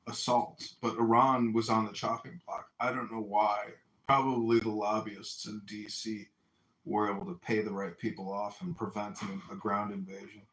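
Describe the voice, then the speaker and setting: A man's voice: fairly low pitch, a bit bright. Profane, emphatic man in an echoey room. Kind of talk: heated casual debate.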